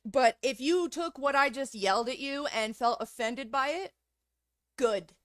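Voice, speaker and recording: A woman's voice: high voice, a little slow, no echo, studio quality. A woman streamer in a heated, profanity-filled rant, angry throughout. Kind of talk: livestream rant.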